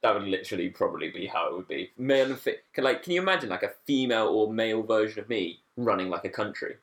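Low-voiced man chatting loosely, lively pitch. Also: fast talker, gravelly. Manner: laughs often, swears casually, rambling. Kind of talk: casual chat.

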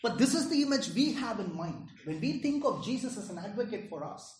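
A man's voice: high-pitched, sing-song, a little fast. An earnest male preacher delivers a sermon, asking his listeners questions and doubling back on his words. His voice rings around a roomy space, with faint noise behind it.

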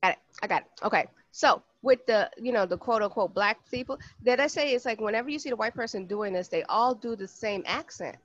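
A woman's voice: medium pitch, fairly quick, hardly any pauses, no room sound. Brooklyn woman chatting, dull dry sound. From Brooklyn, New York. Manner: animated, acts out quotes. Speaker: podcast co-host. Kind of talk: casual chat.

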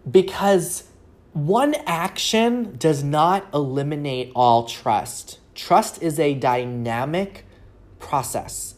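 A woman's voice: low-pitched, a little mellow. A woman speaking as a relationship coach, talking earnestly in a solo advice episode and asking rhetorical questions.

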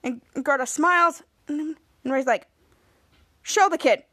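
A woman's voice: high-pitched, unhurried, fairly bright tone, no echo. A woman podcast host casually recapping a TV episode, retelling scenes with lots of quoted lines.

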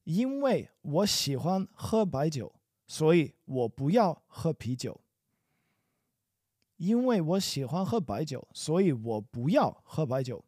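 A man teaching a language lesson, repeating each example sentence slowly and then translating it, with wry self-correcting asides. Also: fairly high pitch, big pitch swings, darkish tone, husky, no echo, studio quality.

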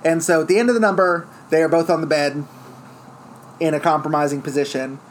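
Brief: easygoing storyteller recapping a show, middle pitch, light background noise. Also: fairly even intonation, brisk. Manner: storytelling, acts out lines in quoted voices. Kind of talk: casual chat retelling a musical's plot.

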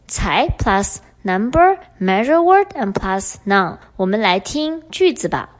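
Lively woman hosting a language lesson. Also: medium pitch, slow pace. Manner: clear explaining, switching between English and Mandarin. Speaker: podcast host and Chinese teacher.

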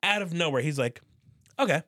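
A young man co-hosting a podcast, telling a story in a casual, animated and vulgar way and acting out what people said. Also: a little high, brisk, dry recording, clean studio sound. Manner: animated, vulgar, acts out quotes. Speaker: podcast co-host.

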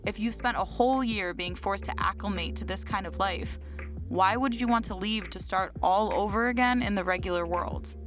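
A woman hosting, giving measured, analytical commentary on what she heard. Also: medium pitch, music in the background. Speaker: podcast host. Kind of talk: reflective commentary.

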